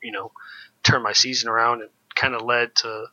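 A former pro baseball pitcher telling loose, candid stories in an interview, full of "like" and "you know". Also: male voice, little pitch movement, normal speed, pushed and bright, muffled recording. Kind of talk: casual storytelling in an interview.

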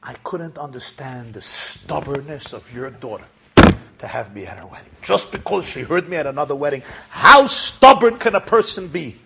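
A man doing a quiet, humble rabbi. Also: fairly high pitch, expressive, gravelly, heavy background noise, pitched below the performer's own voice. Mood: moved. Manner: soft, hushed, measured.

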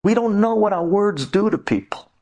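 A man with a somewhat high voice delivers a rabbi's storytelling lecture. He speaks directly to the women listening and dramatizes every story, leaping up in pitch to act out the people in it. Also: expressive, normal speed, a little mellow. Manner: dramatic, acts out quoted voices with big pitch leaps.

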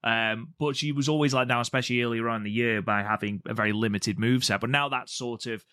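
A man's voice: mid-range voice, fairly even intonation, fast, pushed and bright, no room sound, clean studio sound. A man co-hosting a podcast, chatting casually and enthusiastically with frequent fillers. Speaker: podcast co-host.

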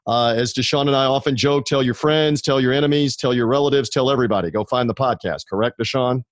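A man's voice: medium pitch, quick pace, no room sound, studio quality. A man hosting a sports betting podcast over a video call, plugging shows and guests in an upbeat, promo-heavy way. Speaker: podcast host.

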